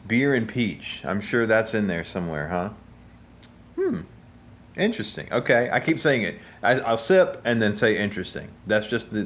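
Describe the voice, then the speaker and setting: A man giving casual, joking taste-test commentary as a host, rambling and halting with fillers. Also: on the low side. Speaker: musician reviewing drinks.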